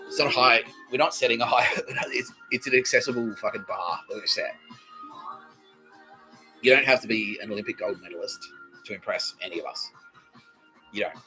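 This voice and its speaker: A man's voice: fairly low pitch, a little fast, pauses often, bright, forceful tone, soft background music, poor audio. A man hosting a comedy podcast livestream, rambling, swearing freely and often breaking into laughter. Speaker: podcast host.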